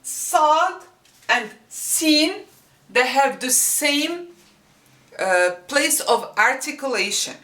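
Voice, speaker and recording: A woman's bright voice teaches letter sounds at a very unhurried pace, repeating each one. She sits a little away from the mic, and the room adds a noticeable echo. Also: high-pitched, expressive. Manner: demonstrates sounds slowly with repetition. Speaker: Arabic teacher. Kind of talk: slow language lesson. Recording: echoey room, mic at a distance.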